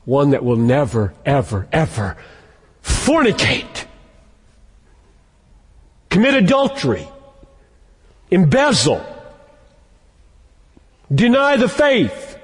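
A man preaching with a high, animated voice that leaps up and down. He speaks slowly and leans hard on key words, and his voice rings out with a long reverb like a large church sanctuary. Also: breathy edge. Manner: emphatic preaching, slowing down to stress key words. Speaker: pastor. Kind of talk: sermon.

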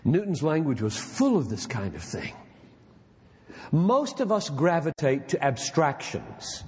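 A man preaches with a high, swooping voice that leaps up and plunges low as he presses each point. He takes his time and leans hard on key words. The sound carries a long reverb from a large hall. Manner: animated, emphatic, drops low and slow when reading quotations aloud. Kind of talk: sermon to preachers.

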